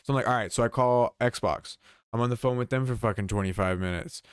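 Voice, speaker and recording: A man's voice: medium pitch, brisk, clear, resonant tone, no echo, studio quality. A young man co-hosting a podcast, telling a rambling, exasperated story in casual chat with frequent swearing. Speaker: podcast co-host.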